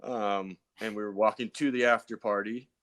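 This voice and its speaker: Low-voiced man telling rambling stories. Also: fairly even intonation, moderate pace, fairly bright tone. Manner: loose, rambling storyteller with many fillers and restarts. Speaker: pro BMX racer guest. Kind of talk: casual podcast storytelling.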